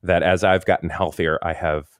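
A man in casual podcast chat, rambling and interrupting himself with quick laughs. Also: deep voice, flat delivery, no echo, studio quality. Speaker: podcast co-host.

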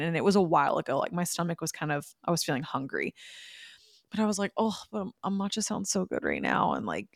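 A woman's voice: on the low side, gravelly, dry recording, clean studio sound. A young woman hosting a podcast, telling a casual story in a chatty way and laughing often. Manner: chatty, laughs often, spiritual wellness talk. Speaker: podcast host.

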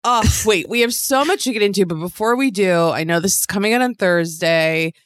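A woman co-hosting a podcast, excitable and long-winded in casual chat. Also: medium pitch, a little fast. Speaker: podcast co-host.

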